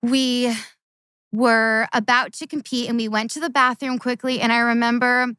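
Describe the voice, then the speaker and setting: A woman's voice: on the high side, level tone, normal speed, bright, forceful tone, clean tone, no echo. A woman in her thirties, a former Olympic gymnast, tells stories in casual chat, earnest and tumbling, often repeating herself.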